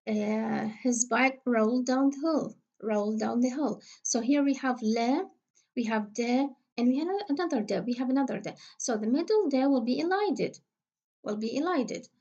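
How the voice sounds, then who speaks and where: A woman teaching English pronunciation in a recorded lecture, patiently repeating example words slowly with frequent fillers. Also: high voice, a little mellow, dull audio.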